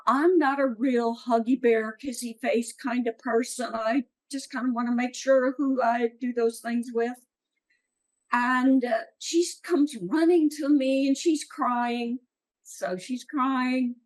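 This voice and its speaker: A woman's voice: on the high side, measured pace, rough recording. A middle-aged woman giving an earnest, encouraging talk at a writing workshop. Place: meeting room.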